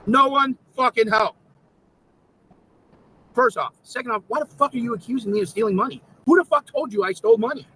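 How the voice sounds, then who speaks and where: A man's voice: very high voice, fairly quick, pauses often, bright, forceful tone, a little hiss or hum, poor audio. A man ranting angrily on a livestream, swearing constantly and repeating himself in indignation. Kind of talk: angry livestream rant.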